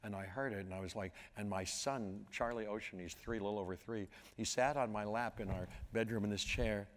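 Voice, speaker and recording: A man in his sixties from Pittsburgh telling stories at a live onstage conversation, meandering and halting, now and then scatting a tune. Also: on the low side, fairly even intonation. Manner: meandering, halting, with sung scat sounds. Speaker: interview guest. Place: large auditorium. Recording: long hall reverb with audience. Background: audience.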